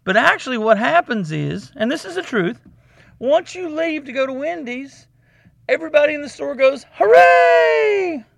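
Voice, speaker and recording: A man's voice: extremely high pitch, lively intonation, creaky, a bit bright, no echo. A man hosting a podcast, giving a comic advice monologue in which he calls himself "the Doc" and lectures with lots of repetition. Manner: repeats himself, drawn-out emphasis. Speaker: podcast host.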